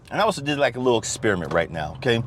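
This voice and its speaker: A man's voice: mid-range voice, fast talker. A middle-aged man rants into his podcast from the driver's seat, his voice swinging up and down as he swears and restarts his thoughts. Faint car hum sits under him. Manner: animated, rambling, heavy swearing, frequent restarts. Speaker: podcast host. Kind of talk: casual profane rant.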